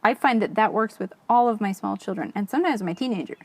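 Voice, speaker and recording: A woman co-hosting a parenting podcast, talking conversationally about her children and slowing to stress her points. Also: mid-range voice, expressive, slight background noise. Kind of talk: casual podcast chat.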